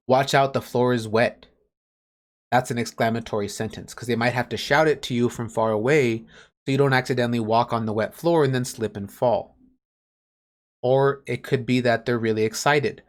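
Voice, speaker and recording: A man teaching an online class on a video call, patiently explaining grammar with everyday examples. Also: medium pitch.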